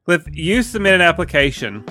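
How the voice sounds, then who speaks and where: A male comedy podcast co-host sets up silly what-if scenarios in an easygoing way and laughs readily. His voice is bright and a little high. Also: very animated, no echo. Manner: quick laughs, easygoing game-show setups. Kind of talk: improvised comedy banter.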